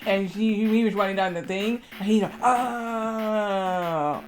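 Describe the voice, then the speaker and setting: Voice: mid-range voice, level tone, a little fast, a little hiss or hum. A streamer chatting casually on a live stream, rambling through anecdotes with many fillers and restarts. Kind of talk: casual livestream chat.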